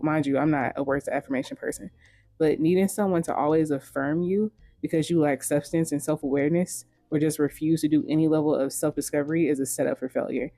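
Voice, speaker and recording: A woman's voice: sits low, dark tone, no echo. A woman giving frank, scripted commentary in a video, blunt and swearing casually.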